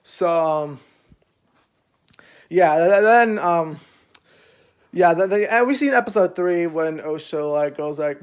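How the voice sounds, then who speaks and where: A man's voice: fairly high pitch, moderate pace. A young man casually recapping a show's episodes, rambling with lots of fillers and freely swearing. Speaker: show reviewer.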